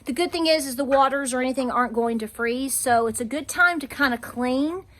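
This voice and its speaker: A woman's voice: sits high, brisk, a bit bright. A woman, chatting cheerfully as a homestead vlog host while doing chores in a barn. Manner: chatty, cheerful, talks to her animals. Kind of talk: casual vlog chat. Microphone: camera held by a helper.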